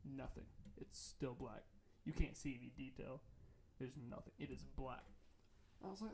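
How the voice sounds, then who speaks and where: A young man from North Carolina, co-hosting a podcast and telling a rambling, animated ghost story with lots of restarts. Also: a little high, normal speed, vocal fry, a little hiss or hum. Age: young adult. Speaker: podcast co-host. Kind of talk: casual chat, storytelling.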